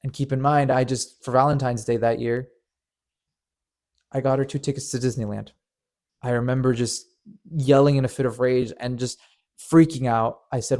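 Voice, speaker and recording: A man's voice: medium pitch, steady tone, moderate pace, long pauses, a little mellow. A man narrating a painful personal story in an earnest, emotional way, often stammering and repeating words. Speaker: storyteller and channel host.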